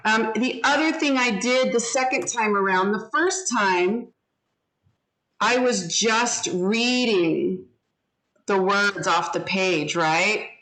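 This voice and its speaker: A woman teaching a class over a video call, slow and deliberate as she explains and models pronunciation. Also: medium pitch, fairly bright tone, poor audio. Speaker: English teacher.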